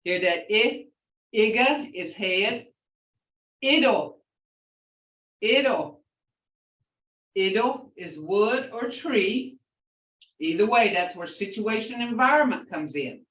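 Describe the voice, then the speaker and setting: A woman's voice: mid-range voice, expressive, fairly bright tone. Older woman teaching from across a room. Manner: patient, repeats and sounds out syllables slowly. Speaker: language teacher. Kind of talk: teaching a language class. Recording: roomy, distant, dull lo-fi.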